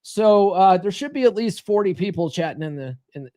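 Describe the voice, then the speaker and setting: A blunt male host on a live-stream advice show, with a high-pitched voice. He coaches his listeners directly and slips into quick impressions of the people he quotes. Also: animated, dark tone. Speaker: podcast host.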